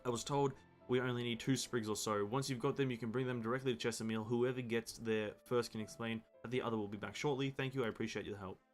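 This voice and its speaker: A man's voice: medium pitch, fairly even intonation, quick pace, faint music behind, lightly acted. A man reading aloud the lines of an anxious, guilt-ridden young girl from a game, in his own voice. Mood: worried.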